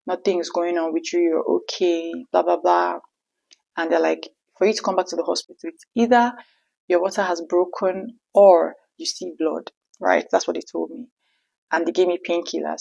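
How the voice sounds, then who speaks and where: A young adult woman vlogger telling a personal story in a casual, frank, animated way, acting out what people said. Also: fairly low pitch, creaky, breathy edge, no echo, poor audio. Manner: animated, acts out quotes, frank.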